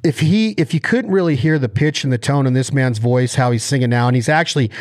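An energetic male podcast host with a middle-pitched voice who rattles along quickly and often cuts in over his guest. He gives hands-on, coaching instructions in a casual, excited chat. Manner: energetic, talks fast and over people.

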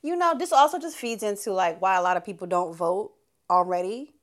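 A woman's voice: medium pitch, a little fast. A woman co-hosting a podcast, giving blunt, opinionated takes in slangy casual chat. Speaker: podcast co-host.

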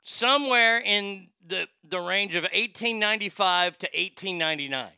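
A man hosting a casual livestream, reading chat comments aloud and going off on blunt, opinionated tangents. His voice sits a little high and very bright, crisp and clear. The sound is dry and close. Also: moderate pace, no room sound. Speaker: show host.

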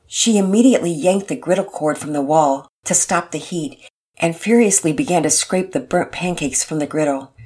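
A woman narrates a storybook in a calm, earnest way, lifting her voice gently at moments of feeling. Her voice is fairly low and husky, with a breathy softness.

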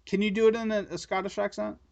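A man hosting a podcast, teasing his co-host in quick casual banter. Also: high voice, level tone, creaky, darkish tone. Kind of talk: casual chat.

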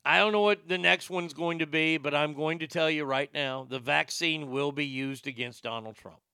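An older man rants through sarcastic, profane commentary in a gravelly, smooth voice. His tone is bright and somewhat high, and the sound is dry and close. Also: normal speed, no echo. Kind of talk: ranting political commentary.

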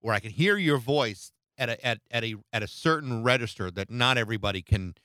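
A man interviewing a singer in a casual chat, halting and stumbling as he builds his points. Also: medium pitch, expressive, bright, forceful tone, no room sound. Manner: halting, stumbles over words.

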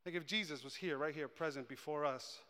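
A man preaching a sermon as pastor in a church, switching between loud, impassioned stretches and hushed ones and repeating his phrases. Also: a little high, a little fast, in a large hall. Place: church sanctuary.

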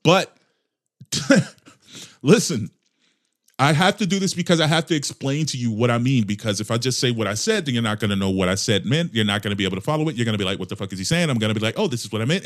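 A man riffs through a comedic podcast monologue, his voice jumping from loud exclamations to low mutters. He talks casually and swears freely, keeping an animated, restless energy. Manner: animated, profane ranting with mock voices. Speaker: podcast host.

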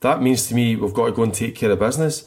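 A man's voice: medium pitch, quick pace, a little mellow, breathy edge. A middle-aged man co-hosting a casual football chat, enthusiastic and rambling, often restarting his sentences. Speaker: podcast co-host.

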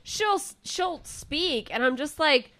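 A woman's voice: high-pitched, animated, slow pace, pushed and bright, no echo. A young woman with a Midwestern accent, co-hosting a comedy podcast and reading listener letters in a chatty, rambling way. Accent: Midwestern American. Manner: chatty, rambling, frequent restarts and laughter. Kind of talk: casual comedy podcast chat.

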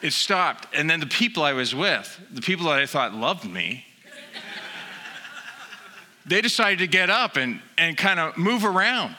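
Bright-voiced male pastor preaching in a hall. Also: a little high. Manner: animated storytelling with acted-out asides, building to emphatic exhortation. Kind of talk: sermon. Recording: long reverb of a hall.

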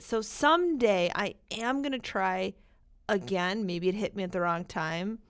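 A woman's voice: medium pitch, unhurried, clear, resonant tone. A woman co-hosting a podcast, chatting casually about movies and laughing often. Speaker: podcast co-host.

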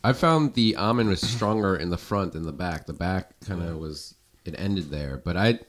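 Very deep-voiced man savoring desserts. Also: lively intonation. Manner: savoring, descriptive, drawn-out phrasing. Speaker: podcast co-host. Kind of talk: casual food-tasting chat.

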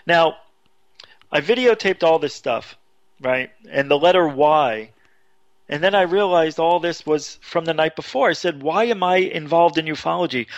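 A man telling a story casually as a radio show guest, animated, jumping his voice high when he quotes people. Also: dry recording, lo-fi sound. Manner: animated, acts out quotes with sudden high pitch.

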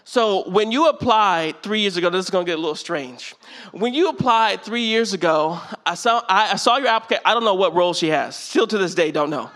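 A man's voice: sits high, normal speed, fairly bright tone. A young man from California giving a sermon as guest preacher, in a conversational, joking way with many fillers.

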